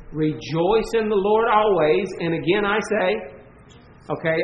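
A man's voice: a little high, reverberant, muffled recording. A man preaching a sermon to his congregation in an earnest, conversational way, asking them questions, his voice giving out. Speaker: pastor. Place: church sanctuary.

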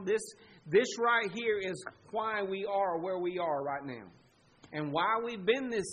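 A man preaches with a high, bright, ringing voice, earnest and emphatic as he pleads with his congregation. A faint hiss sits under the recording. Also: poor audio. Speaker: pastor. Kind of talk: sermon.

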